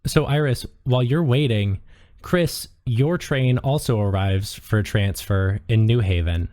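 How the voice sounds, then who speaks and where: A man's voice: medium pitch, unhurried, a little mellow. A man running a tabletop game as game master, casual and laughing, talking into a headset.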